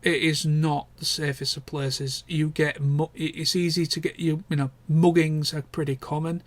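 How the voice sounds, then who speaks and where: A man's voice: fairly high pitch, flat delivery, normal speed, no echo. A young man, chatting casually and candidly in a rambling vlog catch-up, with the odd swear word. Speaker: vlogger. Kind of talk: casual chat.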